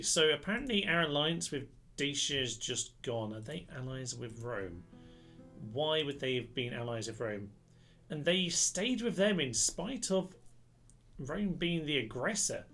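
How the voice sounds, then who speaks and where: A man giving chatty, excitable commentary on a strategy game, cheering his troops on. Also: mid-range voice. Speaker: gaming channel host. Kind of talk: casual gameplay commentary. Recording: gameplay commentary with loud music behind. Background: guitar music.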